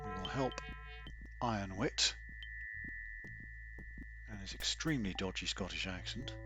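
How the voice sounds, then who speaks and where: A man's voice: sits low, measured pace, music in the background. A man hosting a let's play, giving easygoing, wry commentary on the game.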